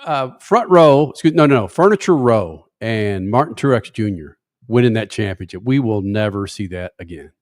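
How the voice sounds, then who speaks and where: A man's voice: fairly low pitch, expressive, normal speed, darkish tone, no room sound. A man hosting a casual motorsports radio talk show from a studio, brash and flippant and swearing freely.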